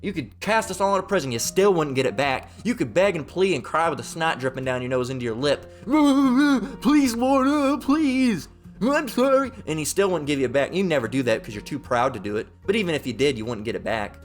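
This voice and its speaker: A man's voice: medium pitch, lively intonation, quick pace, hardly any pauses, faint music behind. A man giving a heated Bible commentary, mocking, profane and repetitive as he reads and rants. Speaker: Bible teacher.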